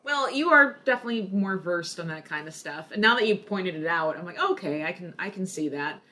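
A woman co-hosting a podcast in relaxed, casual chat. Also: fairly low pitch, fairly quick. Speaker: podcast co-host.

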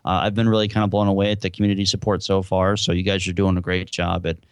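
Deep-voiced laid-back man, dry sound. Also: completely flat delivery, fast, clean tone, no echo. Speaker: podcast co-host and event organizer. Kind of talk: casual gaming podcast chat.

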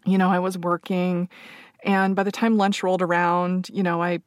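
Woman, low voice, emotional, reflective, dry close sound. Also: little pitch movement, moderate pace, dry recording. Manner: open and reflective, many fillers, laughs softly. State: emotional, near tears. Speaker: supervisor telling a personal story. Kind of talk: reflective personal storytelling.

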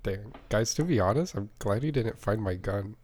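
A man's voice: lowish voice, expressive, normal speed, crowd noise. A man in a game voice chat, playing along with a joke and laughing often.

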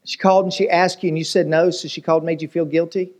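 A male pastor preaches in a lively, storytelling way. He jokes, asks the crowd rhetorical questions, and keeps his voice a little higher than most men's. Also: quick pace. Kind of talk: sermon.

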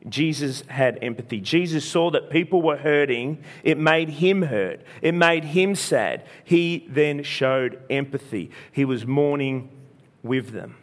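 An earnest male preacher retelling a story in a sermon, with a fairly high voice. He talks in short repeated phrases, often restarting mid-line as he drives the point home. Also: a little slow. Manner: earnest, repetitive, frequent restarts.

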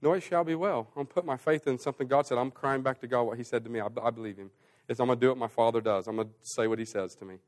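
A man preaching a sermon as pastor, swinging between loud, rising emphasis and hushed, slow passages. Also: medium pitch, fairly even intonation.

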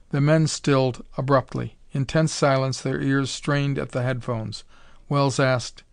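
A man reading an adventure story aloud in a steady audiobook narration. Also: mid-range voice, measured pace, creaky, dry recording.

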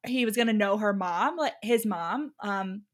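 A young woman co-hosting a casual chat, animated and laughing as she recaps a story. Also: mid-range voice, unhurried. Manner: animated, laughs, quotes characters. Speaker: podcast co-host.

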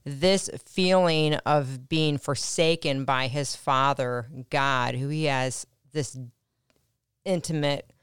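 A woman co-hosting a casual faith podcast with her husband, speaking calmly and reflectively. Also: deep voice, slow, smooth, no room sound, studio quality. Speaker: co-host, host's wife.

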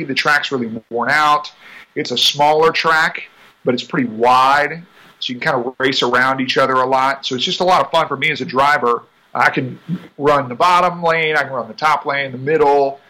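Man, racing driver guest, bright edge, talkative and laughing. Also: mid-range voice, normal speed, poor audio. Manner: chatty, laughs often, animated asides. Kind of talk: casual interview chat.

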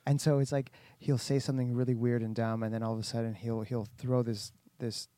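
A man's voice: medium pitch, little pitch movement, fairly quick, dark tone, dry recording. A man chatting casually on a podcast, telling a rambling story with lots of fillers and restarts. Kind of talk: casual chat.

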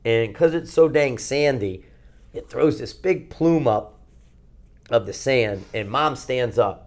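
A man's voice: mid-range voice, measured pace. A man from Connecticut, a podcast co-host, telling a long outdoor story in a casual, rambling way with plenty of swearing. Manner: rambling, profane, animated anecdote-telling.

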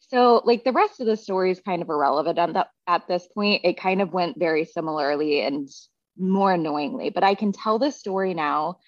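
Low-voiced woman telling a frank, profane story. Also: fairly quick, dry recording. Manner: frank, profane, heavy use of "like" fillers. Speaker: podcast guest, therapy practitioner. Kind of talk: casual personal storytelling. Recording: dry, slightly dull recording.

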